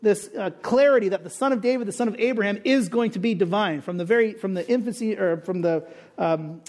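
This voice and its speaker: A man preaching an expository sermon in a conversational, animated way, asking rhetorical questions and answering them. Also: high-pitched, a little fast. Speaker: pastor.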